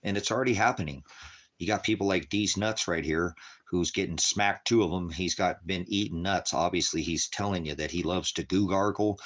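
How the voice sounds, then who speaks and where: Deep-voiced man rambling on a livestream. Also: normal speed, heavy background noise. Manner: rambling, crude joking, baby talk to his dogs. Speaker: livestream host. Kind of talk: rambling casual livestream talk. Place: at home with his dogs.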